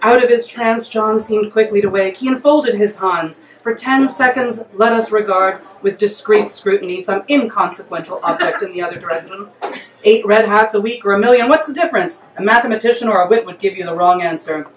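Woman reading her comic story live, playful, middle pitch, echoey room, far from the mic. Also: a little fast, slight background noise. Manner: lively, playful, breaks into laughter.

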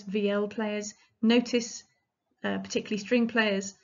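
A woman's voice: medium pitch, muffled recording. A woman giving an illustrated lecture on medieval music, explaining in a chatty way with frequent ums and restarts.

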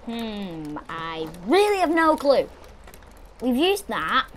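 A woman giving excitable, chatty let's-play commentary, exclaiming as she plays. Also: fairly high pitch, takes it slowly, background noise. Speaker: gamer.

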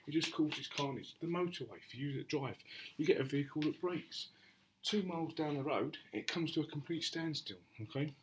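A man's voice: on the high side, animated, moderate pace, slight background noise, poor audio. A man leading a safety training class, talking to the group in a chatty way, often restarting phrases and briefly acting out exchanges with customers. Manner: repeats and restarts phrases, addresses the class directly.

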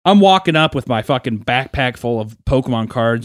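Profane, animated man telling a story. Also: medium pitch, moderate pace, no room sound, studio quality. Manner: animated, profane, acts out quoted voices. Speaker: podcast co-host. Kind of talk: casual storytelling chat.

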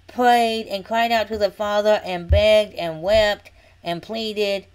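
A woman teaching an informal Bible study in an earnest, repetitive way, often checking in with a quick "okay?". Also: medium pitch, rough recording.

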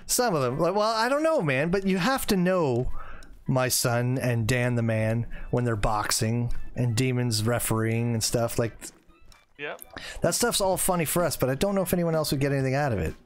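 A man's voice: medium pitch, expressive, moderate pace. A man in his forties streaming a hunting game, chatting casually, reading viewer comments aloud and reacting to them. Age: 40s. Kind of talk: casual live-stream chat while playing.

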